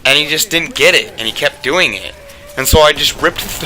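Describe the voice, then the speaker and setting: A man's voice: a little high, fairly quick, sharp tone, slight background noise. A young man telling a casual storytime rant, rambling and profane, packed with "like" fillers.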